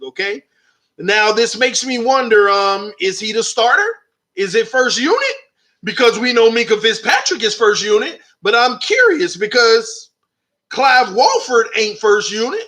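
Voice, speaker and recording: A man hosts a live football stream, his voice pitched high and ringing bright. He talks animatedly, reads out updates and argues back at comments from his viewers. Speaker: sports channel host.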